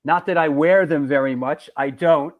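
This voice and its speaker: A man's voice: fairly high pitch, normal speed, a little hiss or hum. A middle-aged man hosting a casual chat, rambling and restarting his sentences. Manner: rambling, repeats words and restarts often. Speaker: host.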